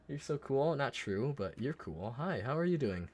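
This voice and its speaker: A man streaming live and chatting casually with his viewers while he paints a miniature, swearing often and muttering quietly as he concentrates. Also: mid-range voice, brisk, hardly any pauses. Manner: relaxed, swears often, talks to chat while working.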